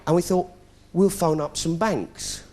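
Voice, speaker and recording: A man's voice: on the high side, fairly even intonation, a little slow, a little mellow. A middle-aged British man telling a sarcastic stand-up story, putting on voices as he goes. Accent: British English. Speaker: comedian. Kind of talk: stand-up comedy routine. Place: stage before a live audience.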